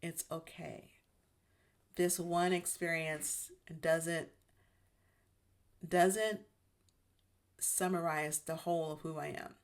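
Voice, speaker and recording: A woman hosting her own channel, talking in a gentle, reflective monologue about healing, with frequent restarts as she searches for words. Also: fairly low pitch, steady tone, slow, long pauses, clean tone. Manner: gentle, self-reassuring, many restarts. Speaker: YouTube channel host.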